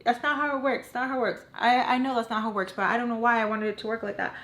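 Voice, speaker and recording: This is a young woman in her twenties recounting an emotional personal story to her audience. Her delivery is animated and emphatic, hammering points home with repeated "okay?". The room gives her voice a noticeable echo. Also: fairly high pitch, rapid-fire. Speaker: storytime vlogger. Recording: roomy echo.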